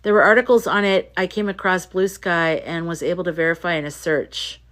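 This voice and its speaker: Woman, livestream host, casual chat, fairly low voice, emphatic, repeats phrases. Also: fairly even intonation, fairly quick, fairly bright tone. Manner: chatty, emphatic, repeats herself. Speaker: livestream host reading viewer comments.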